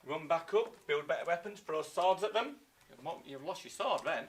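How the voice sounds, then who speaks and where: A man with an English accent teaching a live online history lesson to children, telling the story with lively acted-out voices. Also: fairly high pitch, moderate pace, a little hiss or hum. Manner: lively storytelling, acts out scenes in silly voices. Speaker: primary school teacher.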